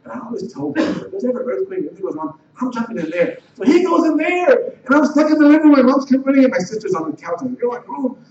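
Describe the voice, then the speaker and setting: A middle-aged man from the Los Angeles area telling a personal life story in a halting way, repeating words and restarting sentences. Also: very high-pitched, big pitch swings, a little mellow. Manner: halting, repeats words and restarts, voice rising when retelling tense moments. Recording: roomy, distant, dull and slightly noisy.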